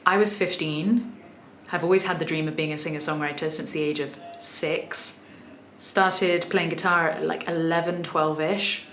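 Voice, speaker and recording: A woman's voice: deep voice, steady tone, normal speed, fairly bright tone, echoey room, a little hiss or hum. A woman in her thirties with a southern English accent, chatting thoughtfully in a casual question-and-answer vlog. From south of England. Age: 30s. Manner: chatty, thoughtful, many small restarts. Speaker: musician vlogger.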